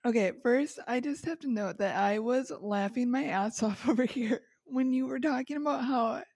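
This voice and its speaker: A woman's voice: fairly high pitch, normal speed, darkish tone, no echo. A woman in a casual podcast chat who makes dry, amused remarks.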